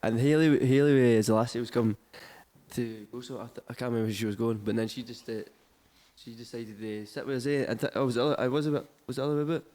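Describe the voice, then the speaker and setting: A man's voice: mid-range voice, fast, darkish tone. A young Scottish man, a DJ guest, telling stories in casual chat and acting out what others said. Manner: storytelling, acts out what others said.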